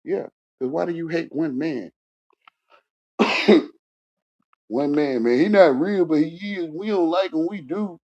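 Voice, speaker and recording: A man's voice: fairly high pitch, measured pace, long pauses. Ranting man with dull lo-fi sound. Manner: repetitive, confrontational, swings from shouting to muttering. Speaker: panel speaker. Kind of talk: heated casual rant.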